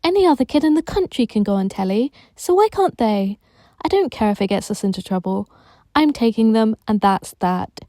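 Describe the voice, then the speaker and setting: A woman voicing a gruff but good-hearted male care worker who talks firmly and bluntly. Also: fairly high pitch, expressive, moderate pace, warm tone, dry recording, studio quality, close to an everyday voice. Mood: stubborn.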